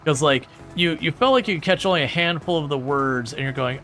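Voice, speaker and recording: Casual male streamer, bright tone, easygoing rambling chat, faint music bed. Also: on the high side, fairly quick, few pauses. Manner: rambling, chatty, answers viewer questions. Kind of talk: casual livestream chat while playing a farming game.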